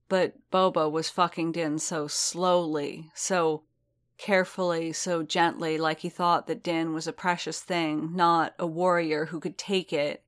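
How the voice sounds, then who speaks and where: A woman narrating fiction in a measured, steady reading. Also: low-pitched.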